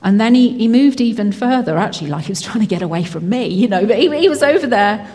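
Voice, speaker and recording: A woman's voice: mid-range voice, animated, fast, darkish tone. Chatty woman telling a story in a reverberant hall. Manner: chatty storytelling, many fillers and restarts. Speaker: Christian speaker. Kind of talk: personal faith testimony.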